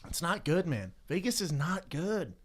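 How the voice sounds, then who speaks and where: Animated man telling a story. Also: fairly high pitch, unhurried. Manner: animated, acts out quotes with shifting voices; casual slangy talk with laughs. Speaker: podcast co-host. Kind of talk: casual chat, storytelling.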